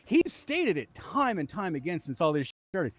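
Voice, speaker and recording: A man's voice: high-pitched, wildly swooping pitch, normal speed, fairly bright tone, dry recording. A middle-aged man talking casually as an interview guest, blunt and profane, laughing easily.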